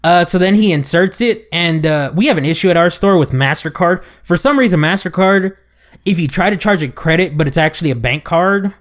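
Young guy, podcast co-host, slightly higher voice, acts out both sides of the story. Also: brisk. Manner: animated retelling with quoted dialogue. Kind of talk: casual chat, storytelling.

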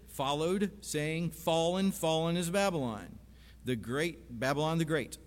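A man's voice: mid-range voice, in a large hall, a little hiss or hum. A man preaching a sermon, talking through scripture in a conversational teaching manner and rising to emphatic proclamation when he quotes the text. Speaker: pastor.

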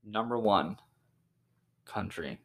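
A man's voice: lowish voice, slow pace, fairly bright tone. A young man chatting casually on a podcast, making offhand, crude jokes. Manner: offhand, crude joking banter. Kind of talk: casual chat.

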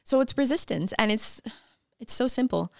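Woman guest, bubbly storyteller, acts out quotes; smooth voice, dry close mic. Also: on the high side, expressive, normal speed, no echo. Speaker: podcast guest, fitness coach. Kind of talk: casual interview chat.

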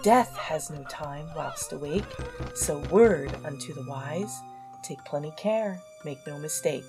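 A creepy reciter with a put-on British accent, as a woman puts it on, reading verse slowly. Her delivery drops into breathy whispers on some lines, keeping the mood eerie. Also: deep voice, expressive, over music, voice pushed down. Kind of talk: dramatic poetry reading.

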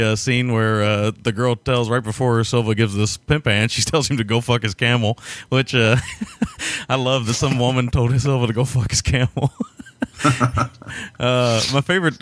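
Male co-host, mid pitch, dry close mic; casual, profane, laughing riffs. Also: dry recording. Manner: laughing, profane, does mocking impressions. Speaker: podcast co-host. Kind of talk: casual movie-review chat.

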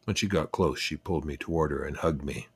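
Deep, husky older man telling a memoir. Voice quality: reflective, unhurried, wry. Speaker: storyteller. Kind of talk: reflective memoir narration.

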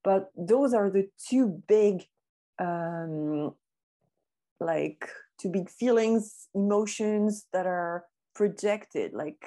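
A woman's voice: mid-range voice, mellow. A woman hosting a podcast, talking in a thoughtful, reflective way in casual conversation. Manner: thoughtful and reflective, speaking slowly at times. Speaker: podcast host.

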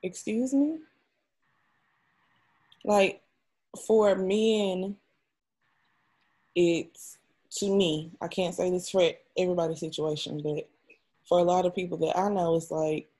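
A woman's voice: on the low side, fairly even intonation, moderate pace, warm tone. A young adult woman, an interview guest, telling a personal story in a raw, emotional and frank way, often swearing.

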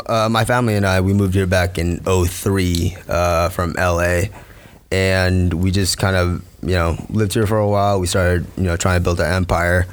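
A man in his twenties, a podcast guest, chatting in an easygoing way and pausing on fillers. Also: low voice, a little hiss or hum. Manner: easygoing, grateful storytelling with fillers. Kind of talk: casual chat.

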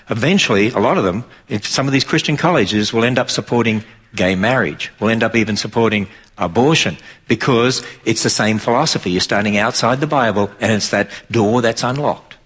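A middle-aged man with an Australian accent, a Christian speaker, preaches to a crowd in a brisk, emphatic, driving way. His mid-range voice is expressive, husky and fairly bright, rising sharply on mocking quotes.

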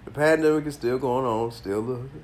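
Solo podcast host, male, stuffy nose, loose profane storyteller who gets loud when excited. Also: mid-range voice, moderate pace, slight background noise. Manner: animated storytelling, slangy and profane, bursts of laughter. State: congested. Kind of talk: casual solo podcast monologue.

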